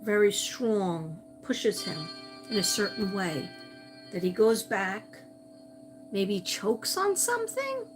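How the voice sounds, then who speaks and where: Slow-speaking woman psychic, music behind. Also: medium pitch, very animated. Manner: searching, repeats names while calling out to the missing. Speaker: psychic medium. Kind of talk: livestream psychic reading.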